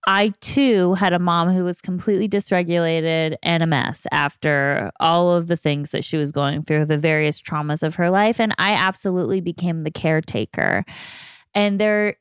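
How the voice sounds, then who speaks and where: A woman's voice: lowish voice, clean tone, no room sound, studio quality. A woman hosting a podcast interview, talking in an earnest, emphatic way. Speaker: podcast host. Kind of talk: conversational interview.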